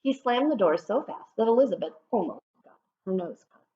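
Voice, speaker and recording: A woman, a school art teacher, reads a children's picture book aloud with animated storytelling and a very lively, swinging pitch. Her voice carries a gravelly fry, and the recording is dull and lo-fi. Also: fairly quick. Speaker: guest reader, art teacher. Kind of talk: expressive story read-aloud.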